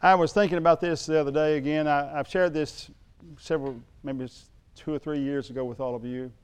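High-voiced smooth male preacher. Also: fairly even intonation, fairly quick. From United States. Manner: storytelling, rising to emphatic preaching. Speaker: pastor. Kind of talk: sermon.

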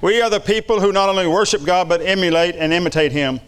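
A man's voice: sits high, quick pace, clear, resonant tone. A middle-aged man preaching a sermon, fervent and repetitive. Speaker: pastor.

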